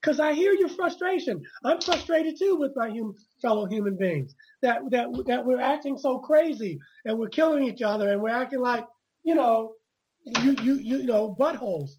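A woman's voice: fairly high pitch, animated, moderate pace, a little mellow, slightly rough, poor audio. A woman author as an interview guest, speaking earnestly with many repeated restarts. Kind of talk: conversational interview.

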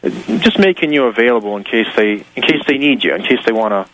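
A man's voice: medium pitch, lively intonation, brisk, a bit bright, a little hiss or hum, low-quality recording. A man speaking as a guest on a talk radio show, rambling with many fillers and a sarcastic edge. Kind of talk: rambling on-air commentary.

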